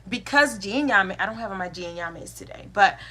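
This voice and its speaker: A woman's voice: medium pitch, lively intonation, moderate pace, sharp tone. A woman hosting a spiritual talk, teaching in a casual, conversational way, often repeating her key phrases and checking in with "right?" and "okay?".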